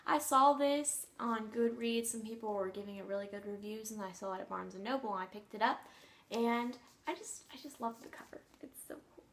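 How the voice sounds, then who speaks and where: A woman's voice: a little high, brisk, a little hiss or hum. A teenage girl chatting casually about her new books, bubbly and gushing, rambling with lots of fillers. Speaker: book vlogger. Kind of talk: casual book haul chat.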